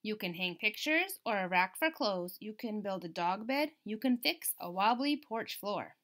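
A woman voicing a helpful homemade talking machine in a children's storybook, calmly listing answers. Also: medium pitch, moderate pace, close to an everyday voice.

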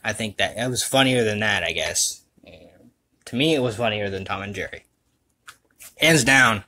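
A young man rambling through a casual livestream chat, self-mocking and quick to laugh, recorded at home on a computer mic. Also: fairly low pitch, sharp tone. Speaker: vlogger and voice dubber.

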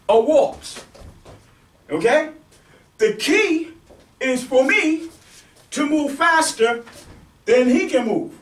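Male self-defense instructor, very high voice, repetitive check-ins while demonstrating; echoey space, distant mic. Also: a bit bright. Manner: repetitive, checks in with "okay?" and "right?"; demonstrating moves on a partner. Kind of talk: teaching demonstration. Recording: echoey room, mic far off.

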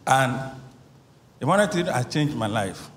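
A man giving an earnest testimony before a church congregation, telling his story in an animated way. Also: medium pitch, moderate pace. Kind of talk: spoken testimony. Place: large church hall. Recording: echoey church hall.

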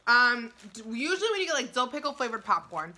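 A woman's voice: on the high side, fast talker. A young woman, gushing in a casual food-tasting vlog, full of "like" and "oh my God". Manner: gushing, excitable, filler-heavy. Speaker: YouTuber.

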